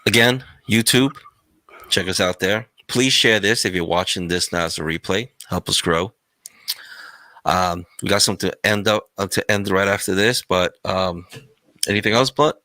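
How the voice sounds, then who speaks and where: A man hosting a casual podcast chat, relaxed and prone to restarts. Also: deep voice, moderate pace, no room sound. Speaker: podcast host, transit worker.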